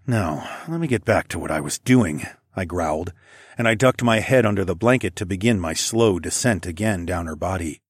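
A man reading a first-person story in a low, slightly husky voice, calm and measured. The recording is close and dry, with no room sound. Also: dry recording. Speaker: narrator.

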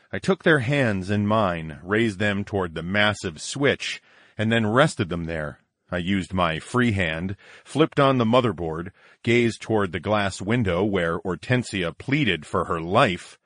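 A man's voice: fairly low pitch, a bit bright, no room sound, studio quality. A man narrating a first-person story in a dramatic, theatrical manner.

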